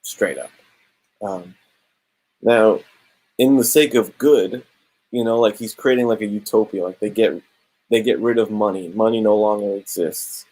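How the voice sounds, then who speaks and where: A young man casually reviewing a comic book, talking in a relaxed, slangy way. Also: lowish voice, unhurried, long pauses, rough recording. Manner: laid-back slangy, drops "bro" and "straight up".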